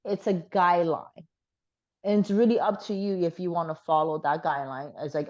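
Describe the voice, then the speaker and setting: A slightly hoarse woman chatting frankly as an interview guest, with plenty of fillers. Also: fairly low pitch, steady tone, brisk, darkish tone, muffled recording. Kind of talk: casual chat.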